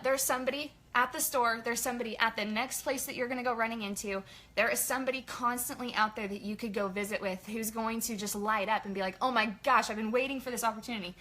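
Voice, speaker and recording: A woman leading a casual motivational team training, chatty and energetic in her pep talk. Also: fairly high pitch, fairly quick. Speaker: sales team leader.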